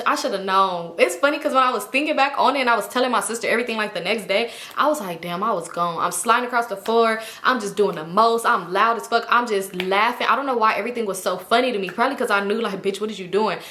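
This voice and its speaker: A woman telling a storytime in a casual, animated, slangy way with lots of swearing. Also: a little high, fast talker, few pauses. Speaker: storytime vlogger. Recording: echoey room.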